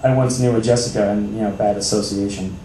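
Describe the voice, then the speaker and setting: A young man doing a stand-up comedy set in a small cafe, with a deadpan, dry delivery broken by sudden loud outbursts. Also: on the low side, fast talker, a little hiss or hum. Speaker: stand-up comic. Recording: roomy, distant amateur recording.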